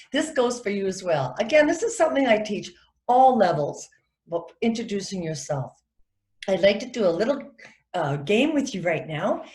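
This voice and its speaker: A middle-aged woman teaches manners to kids and their parents. Her pitch swings up and down a lot, and she often acts out other people's voices. The sound has a noticeable room echo. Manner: animated, acts out quoted voices. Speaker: etiquette instructor. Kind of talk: friendly teaching talk to children and parents.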